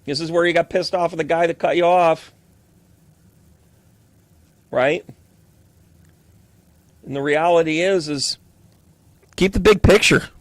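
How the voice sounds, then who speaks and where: A man's voice: fairly high pitch, fairly even intonation, measured pace, long pauses, dry recording. A man with a Southern US accent doing a chatty, playful live tarot reading for viewers, joking between cards. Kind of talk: live card reading, casual chat.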